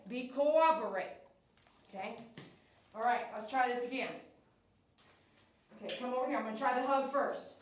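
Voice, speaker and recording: A woman's voice: a little high, brisk, pauses often, heavy reverb, far from the mic. A woman dog groomer talking casually while she works, soothing and coaxing the dog and repeating herself. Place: grooming room.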